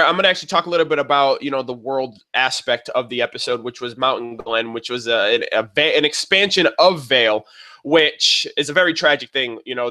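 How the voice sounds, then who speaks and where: Excitable man rambling through a review. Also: medium pitch. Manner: rambling, excitable, many fillers and restarts. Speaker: video reviewer. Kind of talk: casual spoken episode review.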